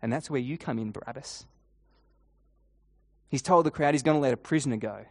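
A man preaching a sermon as a guided imaginative story in the second person, swinging between loud and hushed lines and repeating a refrain. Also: mid-range voice. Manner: repeats refrain, halting restarts.

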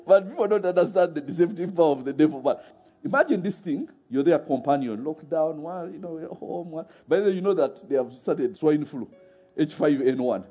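A man's voice: on the high side, expressive, fairly quick, warm tone. A man preaching a sermon, often laughing and firing rhetorical questions at his audience. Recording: muffled recording with faint music.

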